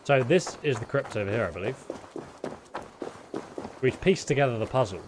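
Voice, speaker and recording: A man's voice: mid-range voice, expressive, normal speed, long pauses, noisy background. A man giving casual, jokey, sarcastic commentary while playing a video game. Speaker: gameplay commentator. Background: game music and sounds.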